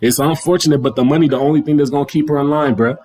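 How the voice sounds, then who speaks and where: A man's voice: fairly high pitch, steady tone, very fast, warm tone. A young adult man hosting a livestream, talking in a loose, slangy rant that keeps circling back over the same points. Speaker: livestream host. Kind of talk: casual ranting monologue. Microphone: livestream mic.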